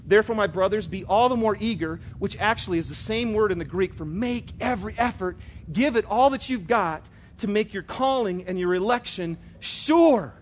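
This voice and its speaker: A man in his thirties preaching a sermon as pastor, telling stories with big swings between loud and quiet. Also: high voice, a little fast, slight background noise.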